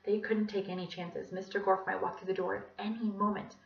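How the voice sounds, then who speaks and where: A young woman performing a children's story aloud for a storytelling class, animated and voicing many characters. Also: medium pitch, brisk, gravelly. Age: young adult. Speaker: student storyteller. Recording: distant mic, roomy, dull sound.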